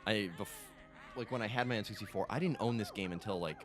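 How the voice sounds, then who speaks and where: A man in his late twenties, a gaming co-host playing a game while telling excited, rambling stories and swearing freely. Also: on the low side, fast talker. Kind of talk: casual let's-play chat. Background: game music.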